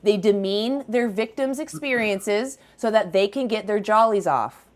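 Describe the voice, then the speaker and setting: A woman's voice: medium pitch, unhurried. A woman hosting a live debate stream, challenging callers in a scolding, confrontational way. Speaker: livestream host debating callers.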